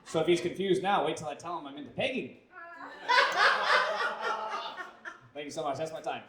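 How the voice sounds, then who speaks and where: A man's voice: fairly high pitch, wildly swooping pitch, unhurried, very noisy. Self-deprecating comedian man, echoey stage. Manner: self-deprecating, punchy delivery with put-on voices. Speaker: stand-up comedian. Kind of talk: stand-up set. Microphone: handheld mic. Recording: echoey club from a distance.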